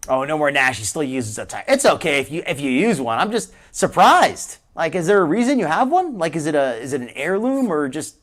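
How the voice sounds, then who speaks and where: A man's voice: on the high side, big pitch swings, fairly quick, few pauses, fairly bright tone. A man in his forties hosting a live stream, rambling casually while reacting to clips. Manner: rambling, chatty, quotes his younger self in a raised voice.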